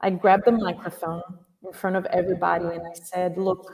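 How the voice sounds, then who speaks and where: A woman guest telling a personal story in a casual chat, animated and quick to laugh. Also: lowish voice, distant mic.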